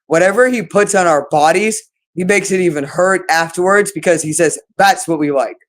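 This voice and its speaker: A woman's voice: lowish voice, moderate pace. Agitated woman ranting to camera. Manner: agitated, accusatory, profane ranting. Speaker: channel host. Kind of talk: unscripted monologue to camera.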